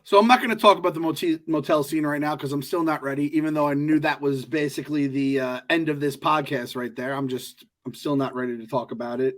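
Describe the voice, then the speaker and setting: A man co-hosting a podcast, chatting casually in an animated, joking way with lots of swearing. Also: a little high, fast, few pauses. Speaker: podcast co-host. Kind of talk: casual chat.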